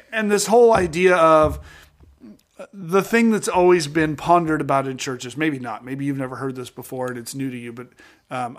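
A man co-hosting a podcast, talking through a Bible passage and acting out its characters with lively voices. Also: a little high. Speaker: podcast co-host. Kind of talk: Bible study podcast chat.

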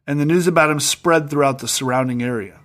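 A man teaching scripture in a relaxed, storytelling way, getting worked up with enthusiasm. His voice sits a bit higher than most men's, and he drops in quick jokes and asides. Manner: animated, enthusiastic, jokey asides. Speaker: bible teacher. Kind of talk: casual bible teaching, storytelling.

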